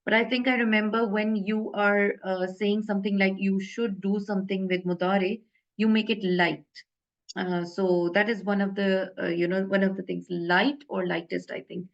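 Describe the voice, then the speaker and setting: A woman teaches a grammar lesson in a casual online class. She pauses often, with many fillers and self-corrections, at a mid pitch. The audio is slightly dull and lo-fi. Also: little pitch movement.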